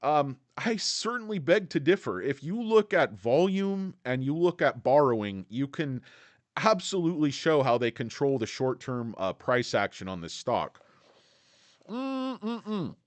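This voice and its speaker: A brash man hosts a casual livestream about stocks, speaking bluntly and joking with his viewers. His voice sits at a middling pitch. The sound is dry and close, with no room echo. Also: big pitch swings, moderate pace. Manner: blunt, brash, jokey, greets chat viewers. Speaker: livestream host.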